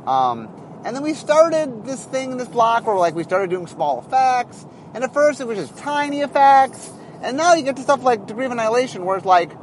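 A man's voice: very high-pitched, sing-song, moderate pace, slight background noise. A man who is a game designer, talking in a casual, rambling way, often correcting himself as he explains. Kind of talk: casual spoken commentary.

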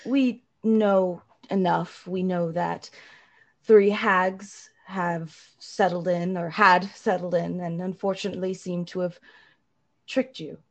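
A woman describes her character's moves at a tabletop game. Her voice sits low with a gravelly fry. She speaks casually and plainly. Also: steady tone, slow. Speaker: player.

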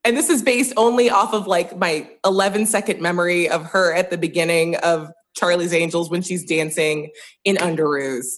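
A woman guest on a podcast, talking in an animated way, laughing and poking fun at herself. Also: on the low side, moderate pace. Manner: animated, laughing, self-deprecating humor. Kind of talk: casual interview chat.

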